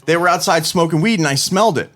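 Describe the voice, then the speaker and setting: A man with a fairly high voice, telling a story in casual chat and swearing freely. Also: fast talker. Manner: animated, swears freely, acts out quotes. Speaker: podcast co-host.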